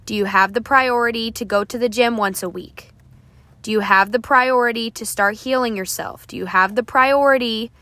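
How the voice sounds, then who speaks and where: A woman hosts a motivational podcast, coaxing and encouraging her listeners and checking in with them often. Her voice is bright and forceful and sits a little high. The recording is close and dry, with no room around her. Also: no echo. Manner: encouraging, coaxing, with frequent "okay?" check-ins. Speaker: podcast host.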